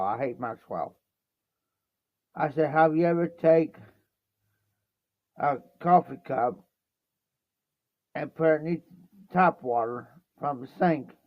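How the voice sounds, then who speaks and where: On a livestream, a host from Ohio wanders through a rambling anecdote, his voice on the high side as he repeats "I said" and "he says" again and again. Dry and lo-fi, the stream audio sounds dull.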